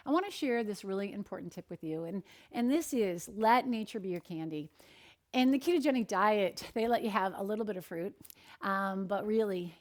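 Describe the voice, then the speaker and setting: A middle-aged woman who works as a nutritionist gives a lively, encouraging talk, drawing on stories from her counseling work. Her voice is medium in pitch.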